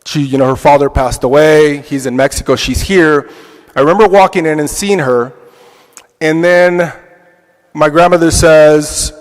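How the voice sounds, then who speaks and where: Man, reflective storyteller, church class teacher, slightly high voice, echoing hall. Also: measured pace. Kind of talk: personal testimony in a church class. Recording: long reverb of a church hall.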